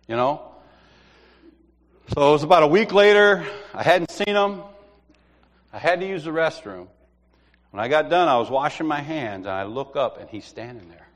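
Animated middle-aged man telling a faith story. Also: on the high side, normal speed. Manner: animated storyteller, laughs and repeats himself. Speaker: church member sharing a testimony. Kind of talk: personal faith testimony. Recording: long hall reverb.

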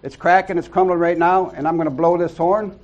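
A middle-aged man preaches informally to a small church gathering. His voice sits fairly high for a man. He talks in an earnest, folksy way and bursts into whoops and amens. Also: level tone, brisk, darkish tone, highs cut off. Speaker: lay preacher. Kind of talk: informal sermon to a small group.

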